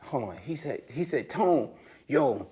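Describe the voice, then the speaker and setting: Male guest, loose street talk, animated storyteller, voice spikes up when excited. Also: unhurried. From United States. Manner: animated storytelling, slangy and profane, voice rising high when excited. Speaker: interview guest. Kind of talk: casual conversation.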